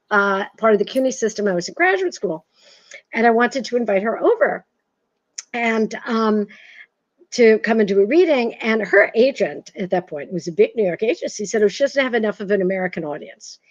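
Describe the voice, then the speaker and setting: A woman in her sixties from Massachusetts, an author telling stories as a guest in a casual interview, animated and self-deprecating. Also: on the high side, normal speed, no room sound. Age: 60s. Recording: dull, dry sound.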